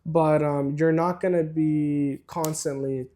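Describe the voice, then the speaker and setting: A young man and student, guest on a podcast, speaking in a measured, thoughtful way with small hesitations. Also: on the high side, fairly even intonation, dark tone. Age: young adult. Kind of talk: casual chat.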